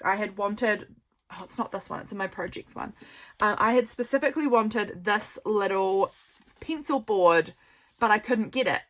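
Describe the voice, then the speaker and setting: A young woman with a New Zealand accent, chatting casually and rambling as she flips through her journal, tired and yawning. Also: medium pitch. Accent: New Zealand English. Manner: chatty, rambling, warm asides to viewers. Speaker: journaling vlogger. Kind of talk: casual flip-through chat. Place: home.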